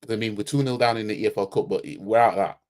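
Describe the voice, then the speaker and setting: A man's voice: lowish voice, racing, a little mellow. A man hosting a football fan channel, giving a heated, blunt match reaction full of slang and repeating himself for emphasis.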